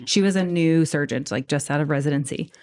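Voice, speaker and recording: Animated storytelling woman, slightly low voice. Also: fairly quick. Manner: animated, laughing, acts out quotes in whispers. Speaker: veterinarian guest. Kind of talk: casual storytelling chat.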